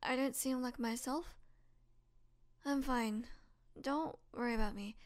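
A woman playing a starving vampire friend, high and slow. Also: fairly even intonation, lightly acted. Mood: weary, subdued. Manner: strained, pleading, then coaxing and menacing. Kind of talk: audio role-play to the listener.

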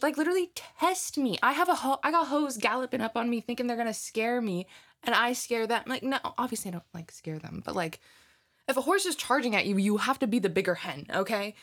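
A twenty-year-old woman chatting casually to her listeners, telling a story in an animated way and swearing freely. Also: a little high. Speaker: audio creator chatting with listeners. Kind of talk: casual rambling chat.

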